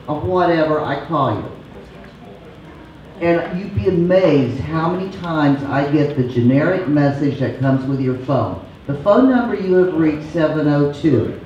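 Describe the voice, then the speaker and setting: A woman from the office staff adding a practical point at a sales meeting in a direct, matter-of-fact way. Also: low-pitched. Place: meeting room. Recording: very echoey room, distant, dull and muffled, faint noise.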